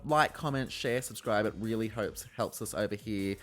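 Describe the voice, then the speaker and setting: A man's voice: on the low side, moderate pace, fairly bright tone, faint music behind. Exasperated man recapping an episode. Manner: exasperated, swears freely, acts out reactions. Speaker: podcast host.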